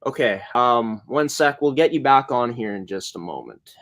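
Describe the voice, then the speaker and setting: A man's voice: mid-range voice, animated, moderate pace, a bit bright. A man hosting a casual live-streamed sports show, talking in long, rambling runs with many filler words and frequent self-corrections. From Canada.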